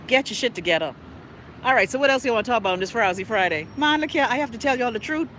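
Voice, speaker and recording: Hosting a live-stream talk show, a middle-aged Bahamian-accented woman launches into a brash, foul-mouthed rant and ribs her viewers by name. She talks fast and animatedly in a fairly high, slightly bright voice, with a little background noise.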